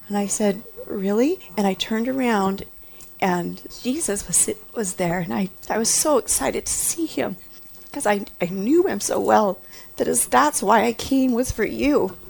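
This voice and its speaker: Woman, mid-pitched and gravelly, personal testimony, earnest and hushed at times. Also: a little hiss or hum. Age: adult mother. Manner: earnest, often drops to a hushed whisper. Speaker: storyteller recounting a personal experience.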